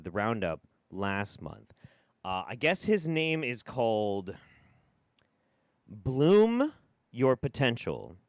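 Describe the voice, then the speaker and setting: Animated sarcastic male streamer. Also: fairly low pitch, smooth, dry recording, studio quality. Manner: sarcastic, laughs often, swings between loud bursts and quiet mutters. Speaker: streamer host. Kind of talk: casual live-stream commentary.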